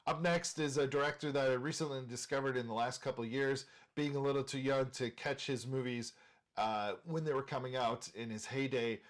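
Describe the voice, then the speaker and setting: A man's voice: mid-range voice, fairly even intonation, a little fast. A man from Minnesota hosting a movie channel, talking casually and enthusiastically while ranking film directors, with frequent filler words.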